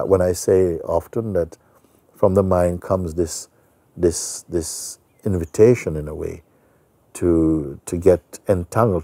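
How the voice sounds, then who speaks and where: Gravelly, very dark-voiced man telling a story. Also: sits low, no room sound. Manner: soft, meandering, full of "you know". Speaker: spiritual teacher. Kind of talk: storytelling during a spiritual talk.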